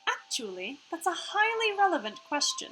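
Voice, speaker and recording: A woman voicing a calm, measured female AI hologram with a part Australian accent. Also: very high voice, noisy background, pitched above the performer's own voice. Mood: informative. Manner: measured, informative. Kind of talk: reading a visual novel aloud.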